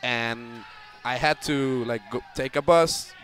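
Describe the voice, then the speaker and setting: A young man, a tournament player, telling an animated story to a chat audience and acting out the voices in it. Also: medium pitch, slow pace. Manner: lively, acts out voices in the story. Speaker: interview guest, tournament player.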